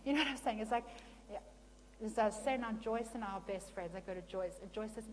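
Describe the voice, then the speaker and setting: A woman giving a sermon-style talk, lively and conversational, often turning to the audience with questions. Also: mid-range voice, fast talker. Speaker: Christian speaker and counselor. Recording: long hall reverb with faint hum.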